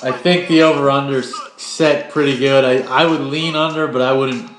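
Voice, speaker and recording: A man's voice: mid-range voice, fairly even intonation, moderate pace, reverberant, a little hiss or hum, rough recording. A man co-hosting a sports podcast, blunt and opinionated in casual chat. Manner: blunt, opinionated, runs the segment. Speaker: podcast co-host.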